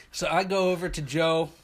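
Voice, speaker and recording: Young male storyteller, slightly high voice, animated, casual chat. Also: measured pace. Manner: animated, slips into impressions of friends.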